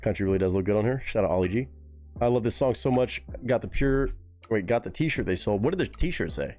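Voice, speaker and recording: Young male streamer, lively and profane, casual chat over faint music. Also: fairly low pitch, fairly quick. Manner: animated, profane, reads chat aloud. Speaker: live-stream reaction host. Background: faint music playing.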